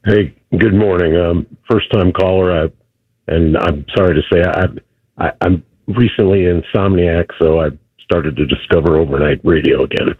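Husky low-voiced male caller. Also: no echo. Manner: halting, then combative. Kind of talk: call-in radio talk. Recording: dull lo-fi phone line.

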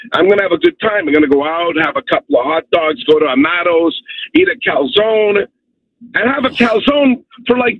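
A man's voice: very high voice, gravelly, slightly rough, no room sound. A man from Canada calling in to a radio show, delivering an emphatic rant and repeating "okay?" to press his points. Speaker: caller. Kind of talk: phone-in rant. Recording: tinny phone line.

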